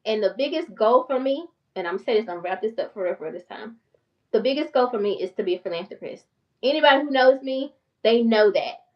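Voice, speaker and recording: A middle-aged woman talking casually to her viewers, chatty and candid, laughing often, as a financial coach. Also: a little high. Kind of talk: casual talk to camera. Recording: dull lo-fi sound from a distance.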